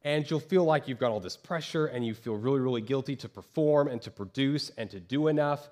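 A man preaching a sermon as pastor from a church stage, lively, acting out the voices of the people he describes. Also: medium pitch, brisk. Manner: animated, acts out quoted voices of churchgoers.

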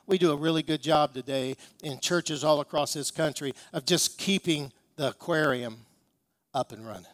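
High-voiced man preaching a sermon. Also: moderate pace, no echo. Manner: emphatic storytelling, rhetorical questions. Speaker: pastor.

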